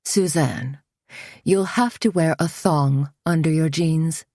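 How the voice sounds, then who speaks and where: A woman's voice: low voice, takes it slowly, a little mellow, no echo, clean studio sound. A woman voicing a haughty, caustic woman boutique owner in a storybook reading, curt and huffy.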